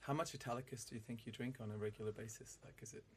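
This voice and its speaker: A young man hosting a casual chat, asking joking questions with a dry, deadpan delivery. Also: mid-range voice, rapid-fire, slight background noise. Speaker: host.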